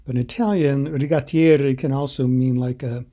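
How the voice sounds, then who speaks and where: A man teaching a language by explaining a translation, unhurried and explanatory, with hesitant fillers. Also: medium pitch, fairly even intonation, warm tone.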